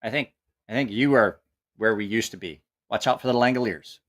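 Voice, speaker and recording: A man's voice: fairly low pitch, fairly quick, a bit bright. A man hosting a live stream, reacting in incredulous, mocking, profanity-laced rants and laughing at what he sees. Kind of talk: casual live-stream commentary.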